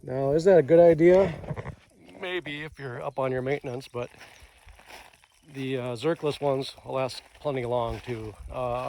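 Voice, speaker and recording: A man's voice: medium pitch, dark tone, slight background noise, poor audio. A man with a Minnesota accent casually talking through ranch maintenance in a rambling, self-deprecating vlog, recorded outdoors on a ranch. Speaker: ranch owner vlogger.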